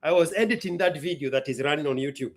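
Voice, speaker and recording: A man's voice: on the high side, fast. A young man hosting a casual live stream, playful and theatrical, chatting and joking with himself.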